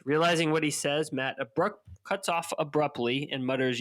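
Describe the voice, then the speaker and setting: A man co-hosting a book podcast, casually retelling chapters and voicing characters' lines a bit higher. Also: moderate pace, few pauses, fairly bright tone. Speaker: podcast co-host. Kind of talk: casual book-club recap.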